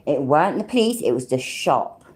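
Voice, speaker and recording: A British woman hosts a livestream of casual reaction commentary, giving blunt, sweary responses and talking to her chat. Her voice is low-pitched and darkish with big pitch swings, at a moderate pace.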